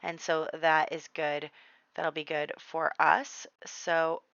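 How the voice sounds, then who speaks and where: A woman giving casual let's-play commentary, chatty and giggly, telling the story and quickly quoting the characters. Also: deep voice, gravelly, a bit bright, no echo, dull audio. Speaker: gameplay commentator.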